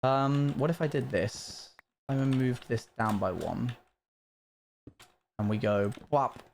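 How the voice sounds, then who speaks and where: A man live-streams a building game, chatting casually with viewers and breaking into panicked high-pitched bursts when things go wrong. Otherwise his voice is slow, gravelly, and darkish with fairly even intonation, and there's a little hiss or hum.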